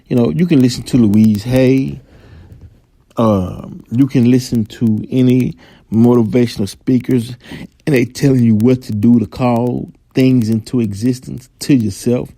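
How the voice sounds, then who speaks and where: A man hosts a podcast alone, ranting in a heated, profane commentary. His voice is mellow and dark, recorded dry and close with no room sound. He often acts out the people he talks about. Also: medium pitch, fairly even intonation, measured pace, dry recording. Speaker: podcast host. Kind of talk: angry commentary monologue.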